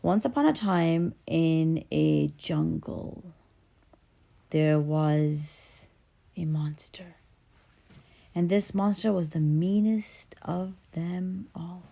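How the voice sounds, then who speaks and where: A woman telling an original children's story in a playful, animated way, swinging between hushed and loud. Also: on the low side, takes it slowly, gravelly.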